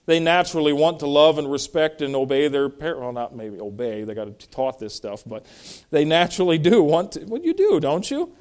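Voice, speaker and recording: A man's voice: a little high, moderate pace, darkish tone. A middle-aged male pastor preaching a sermon, reading Bible verses aloud and explaining them, with emphatic stresses.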